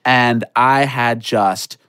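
A man telling a comic story on a podcast in an animated way, acting out voices with shouts and laughter. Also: mid-range voice, extremely slow, clean tone, no room sound, studio quality.

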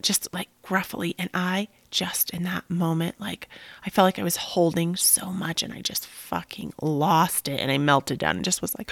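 Gravelly-voiced woman telling a candid story. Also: fairly low pitch, fairly even intonation, moderate pace, no echo, studio quality. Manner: candid and chatty, swears casually, many "like" fillers. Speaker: podcast host. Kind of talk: personal storytelling. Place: home.

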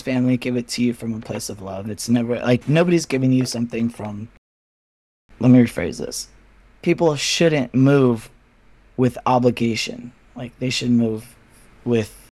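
A man talking openly as a podcast guest, frank and animated, with occasional swearing. He slips into other people's voices when retelling a story. His voice sounds dry and close, with no room echo. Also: medium pitch. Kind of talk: candid casual chat.

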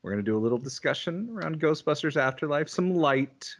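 A man's voice: on the high side, lively intonation, a little fast. A man co-hosting a podcast in casual chat, laughing often and retelling scenes with animation. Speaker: podcast co-host.

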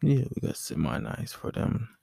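A man in his thirties, co-hosting a casual chat, laid-back and teasing, with quick laughs. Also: warm tone, dry recording, clean studio sound. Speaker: podcast co-host.

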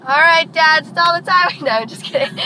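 A woman's voice: high-pitched, bright, forceful tone, low-quality recording. A young woman chatting with her dad in the car, giggly and teasing. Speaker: daughter and podcast guest. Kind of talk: casual chat in a car. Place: in a moving car. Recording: faint road noise from the car.

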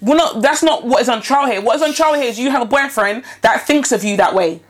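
Fast-talking blunt woman. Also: a little high. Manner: blunt, animated, acts out quotes in mocking voices. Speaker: podcast co-host. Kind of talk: casual podcast chat.

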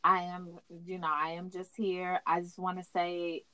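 A woman co-hosting a podcast, speaking in a hesitant, quiet way. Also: fairly low pitch, level tone, measured pace, clear, resonant tone, no room sound. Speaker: podcast co-host. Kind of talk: casual chat.

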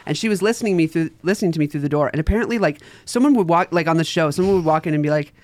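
A man's voice: on the high side, very fast, dry recording. A young man, a podcast guest, telling a story casually, acting out quotes and laughing often. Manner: animated, acts out quoted voices, laughs often.

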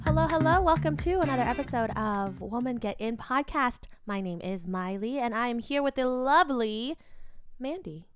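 A woman's voice: a little high, expressive, moderate pace, faint music behind. A woman hosting a casual podcast in an upbeat, playful, teasing way. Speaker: podcast host. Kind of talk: casual chat.

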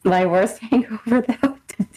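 A young American woman co-hosting a podcast, telling a story in an animated, expressive way. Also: on the high side, normal speed, low-quality recording. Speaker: podcast co-host. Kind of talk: casual chat, storytelling.

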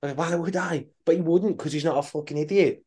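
A man's voice: a little high, fairly quick, dark tone, husky. A man co-hosting a coaching podcast, ranting bluntly and swearing in casual chat.

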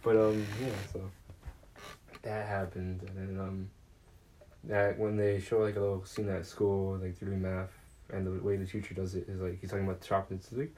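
A man with a low voice talks through a film plot in a loose, rambling way. He swears freely and fills gaps with fillers. Faint ambience sits behind him. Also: flat delivery, normal speed, dark tone, a little hiss or hum, poor audio. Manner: rambling, swears often, lots of fillers and laughs. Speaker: podcast host. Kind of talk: casual movie recap.

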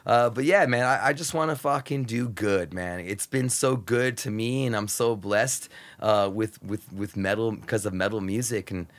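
A man in casual podcast talk, excitable and profane, rambling with many restarts. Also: on the low side, normal speed, hardly any pauses. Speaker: radio host guest.

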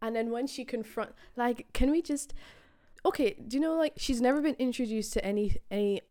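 A young woman in casual chat, giving sassy, animated commentary with mocking quotes. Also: on the high side, a little fast.

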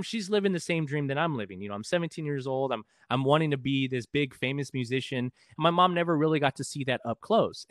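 This San Antonio, Texas man, a musician appearing as a podcast guest, has a slightly high, somewhat bright voice recorded cleanly in a studio with no room sound. His story comes out casual and profane, rambling with lots of restarts.

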